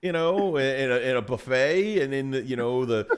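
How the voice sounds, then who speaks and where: A man telling funny stories in casual livestream chat, animated and quoting others in different voices. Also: mid-range voice, moderate pace, smooth. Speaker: co-host.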